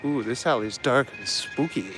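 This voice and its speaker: A mid-range male voice at a moderate pace comes through over music, with poor audio quality. He hosts a live stream while walking city streets at night, chatting casually and joking with viewers as he reads their messages aloud.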